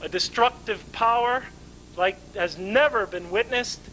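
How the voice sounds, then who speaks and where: High, bright-voiced male lecturer. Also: a little slow, slight background noise, low-quality recording. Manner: asks rhetorical questions and answers them himself. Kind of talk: conference lecture.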